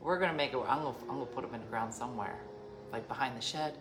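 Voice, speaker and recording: Racing along in a bass voice, a middle-aged woman shares a meandering personal tale with her viewers as a vlogger. Animated and chatty, she voices the characters differently and occasionally whispers. The recording has an echoey room and faint background noise.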